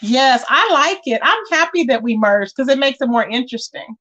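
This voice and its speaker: Chatty high-voiced woman livestreamer. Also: moderate pace, a bit bright. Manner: chatty, talks to viewers directly. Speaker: livestream host. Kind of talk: casual livestream chat.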